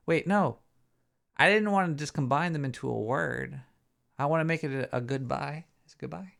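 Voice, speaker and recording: A man hosting a live show, rambling and joking as he thinks out loud. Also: fairly high pitch, moderate pace, gravelly. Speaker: show host. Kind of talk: casual live show banter.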